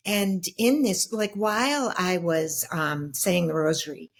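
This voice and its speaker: Reflective middle-aged woman, slightly low voice. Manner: reflective, halting with fillers and restarts. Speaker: guest. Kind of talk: personal storytelling in an interview.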